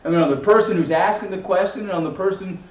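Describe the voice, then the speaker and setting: A man with a high voice talks fast while a faint hiss or hum sits underneath. He's a ministry teacher in a recorded church class, speaking casually and repetitively, restarting phrases and ending points with "right?". The audio is lo-fi, dull, roomy and distant.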